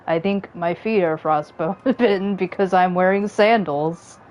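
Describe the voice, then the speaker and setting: A woman's voice: on the low side, a little slow, hardly any pauses, lo-fi sound. A woman streaming a video game, chatting casually and joking about the story, laughing often. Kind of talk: casual gameplay commentary.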